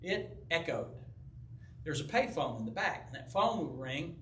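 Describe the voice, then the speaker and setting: An older pastor tells a story from the pulpit in a folksy way and acts out the voices of the people in it. His voice sits high and sounds bright. He is heard from a distance in an echoey church. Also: very animated, moderate pace, a little hiss or hum. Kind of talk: sermon with personal story. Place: church sanctuary.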